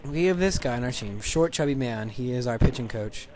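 A man telling a story in a casual, excited, rambling way over gameplay, restarting his sentences often. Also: mid-range voice, a little fast, background noise. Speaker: gaming channel commentator.

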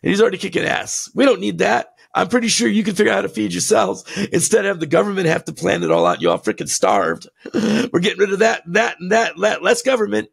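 A man co-hosting a podcast who rants in a heated, blunt way, laughing between his jabs, with a gravelly voice. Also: high-pitched, big pitch swings, quick pace. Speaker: podcast co-host. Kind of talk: impassioned ranting podcast talk.

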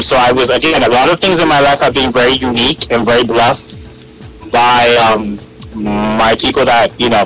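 A man guest telling animated stories in a casual interview, acting out what people said. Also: medium pitch, poor audio. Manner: animated, acts out quoted voices, frequent restarts. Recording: radio interview with loud music and crowd behind.

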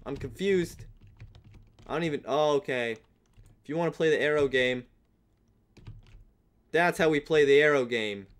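Young man, gameplay commentary, excitable, fairly high voice, hushed mutters to loud yells, keyboard clicks behind. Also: measured pace, long pauses. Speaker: gaming channel host.

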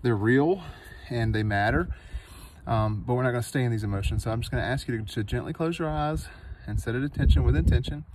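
A nurse who also teaches meditation shares a personal story in a dry canyon, speaking with earnest animation that softens and slows once he leads a meditation. His voice is medium in pitch, and the low-quality recording carries a little hiss or hum.

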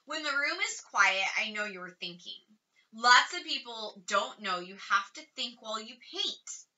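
A woman voicing a patient art teacher who settles a noisy class with slow, measured words, in a storybook reading. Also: on the high side, animated, bright, forceful tone, heavily acted. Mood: calming. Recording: slightly distant, dull lo-fi recording.

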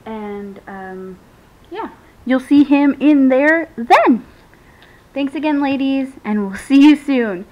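Gushing woman, lively high voice. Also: slow. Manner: gushing, squealing, laughing often. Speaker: vlogger unboxing a reborn doll. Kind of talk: casual unboxing chat. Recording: dull lo-fi home video with faint rumble.

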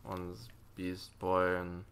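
A man hosting a let's play, giving casual, excitable and self-mocking commentary, often talking to the enemy on screen. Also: sits low, drawn-out words, creaky, clean tone.

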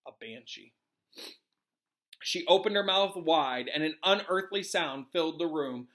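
A male teacher reading a novel aloud to his students in an animated way, pausing to correct himself and explain. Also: fairly high pitch.

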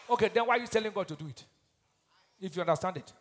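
A man preaching a fiery sermon as pastor, breaking into loud shouted peaks and reciting scripture. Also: high-pitched, animated, quick pace. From Nigeria. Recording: long hall reverb.

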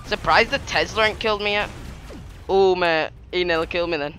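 A man giving excitable, trash-talking commentary over his gameplay, laughing often. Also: high voice, brisk, faint music behind. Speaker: gaming YouTuber.

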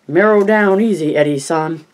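A reader putting on a wisecracking eleven-year-old boy from an audiobook, pitched well above the reader's own voice and pushed loud. He clowns in screechy comic voices. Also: moderate pace, close to an everyday voice. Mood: clowning. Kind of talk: audiobook reading.

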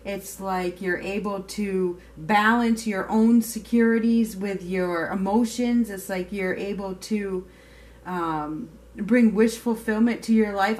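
A woman giving a casual tarot reading to her viewers, chatty and emphatic, now and then swearing. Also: medium pitch. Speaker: tarot reader.

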